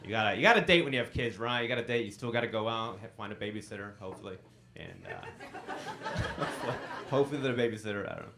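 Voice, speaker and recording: A man in his forties performs stand-up at a comedy club into a handheld mic. His pitch swings widely as he tells stories, jumping up loud whenever he acts out a line. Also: fast talker, vocal fry, a little hiss or hum. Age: 40s. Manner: animated storytelling, acts out quotes in bursts.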